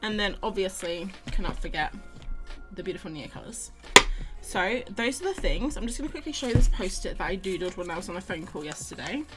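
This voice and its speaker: A woman's voice: mid-range voice, lively intonation, a little fast, over loud music. A young woman hosting a casual drawing livestream, chatting and rambling to viewers and greeting them by name. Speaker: livestream host. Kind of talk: casual chat while drawing.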